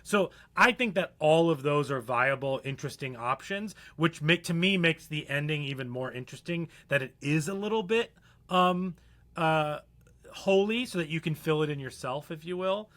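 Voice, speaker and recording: A man co-hosting a podcast in loose, casual chat, his voice sitting high for a man. He rambles, trails off and restarts his sentences with plenty of fillers. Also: expressive, normal speed, fairly bright tone. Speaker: podcast co-host.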